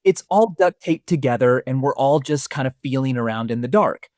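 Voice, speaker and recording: Male co-host, eager and playful in casual chat, very animated intonation. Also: medium pitch, brisk, dry recording, clean studio sound. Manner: enthusiastic, jokey, reads out listener questions. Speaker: podcast co-host.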